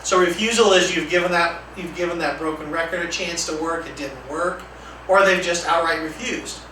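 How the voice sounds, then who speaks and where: A man leading a training lecture, talking conversationally and acting out calm example lines. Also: on the high side, normal speed. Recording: echoey room from far off, faint noise.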